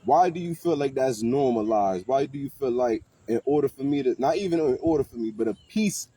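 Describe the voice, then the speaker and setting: A man's voice: mid-range voice, a little fast, breathy edge, no room sound. A man hosting street interviews, talking casually and animatedly in slang to people passing by outdoors. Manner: animated, slangy, talks to passersby. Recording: faint street noise outdoors.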